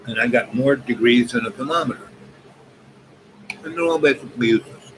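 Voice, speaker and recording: A man's voice: medium pitch, a little fast. A man in his seventies rambling through a long personal story with many asides. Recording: noisy background ambience.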